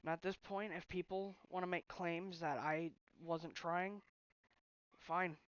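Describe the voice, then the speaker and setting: A man's voice: sits high, steady tone, a bit bright, smooth, no room sound. Frustrated young man venting, dull dry recording. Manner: frustrated, halting, many restarts. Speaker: vlogger. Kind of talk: emotional personal vlog rant. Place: bedroom at home.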